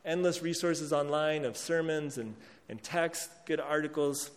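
An earnest male pastor delivers a sermon in a slightly higher than usual voice, with a long reverb trailing each phrase. He pauses and restarts often, then rises with emphasis on key lines. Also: fairly even intonation. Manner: earnest, reads scripture aloud with rising emphasis.

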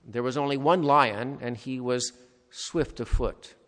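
A vast, solemn lion speaks calmly and deeply, as a man reading aloud gives him voice. The words come measured and grave, and the storybook voice rings with a long echo through a large hall. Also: natural voice. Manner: deep, calm, measured.

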